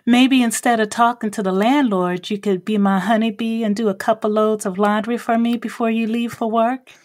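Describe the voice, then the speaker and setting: A woman's voice: on the high side, fairly even intonation, normal speed, a little mellow, no room sound, studio quality, natural voice. A woman putting on a sweet teasing Texas drawl. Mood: teasing, flirty. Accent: Southern US (Texas).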